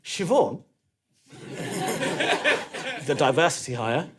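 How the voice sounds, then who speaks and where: Guy doing stand-up in a club, high voice bouncing everywhere, lots of swearing. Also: drawn-out words, heavy background noise. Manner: animated, swearing, punchy storytelling. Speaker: stand-up comedian. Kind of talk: stand-up comedy. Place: comedy club.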